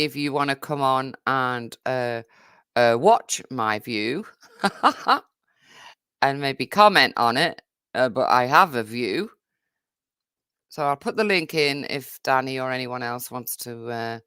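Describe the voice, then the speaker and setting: A woman's voice: a bass voice, bright, forceful tone, clean tone, dry recording. A woman hosting a casual live stream, greeting viewers and talking hesitantly with many fillers. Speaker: livestream host.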